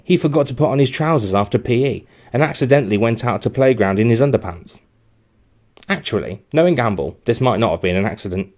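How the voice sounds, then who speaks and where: A man, a teacher reading a children's book aloud in a lively way. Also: fairly low pitch. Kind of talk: storybook narration.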